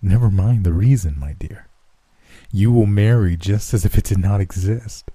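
A man voicing a dying old nobleman who speaks slowly and menacingly, gloating with a sinister, lowered voice. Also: warm tone, slightly rough, dry recording. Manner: slow, lowered, menacing delivery.

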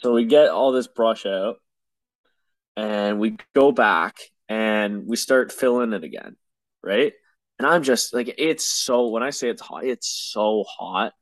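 A man's voice: mid-range voice, measured pace, dry recording. Fed-up man ranting, lots of swearing. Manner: exasperated, swears a lot, rambling with restarts. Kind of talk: casual storytelling chat.

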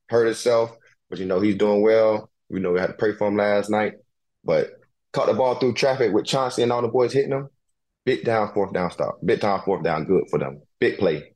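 A man hosting a casual chat, talking in a slangy, profane, animated way, repeating phrases for emphasis and laughing often. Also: on the low side. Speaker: podcast host and pro football player.

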